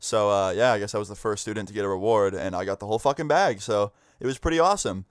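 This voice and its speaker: A man's voice: fairly low pitch, fast, smooth, no room sound, studio quality. Casual, swearing young man telling a story. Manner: casual, swears a lot, lots of "like". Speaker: vlogger.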